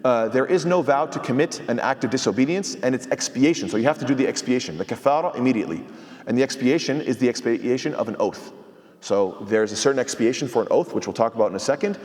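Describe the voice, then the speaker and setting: A man's voice: medium pitch, animated, quick pace, a little mellow, long reverb tail. A man, an imam, giving a sermon-style commentary on scripture, explaining step by step, quoting Arabic and asking rhetorical questions.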